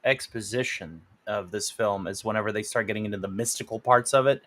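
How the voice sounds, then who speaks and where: A man's voice: fairly low pitch, fairly quick, over a noisy crowd. A man co-hosting a casual movie chat, joking and laughing a lot.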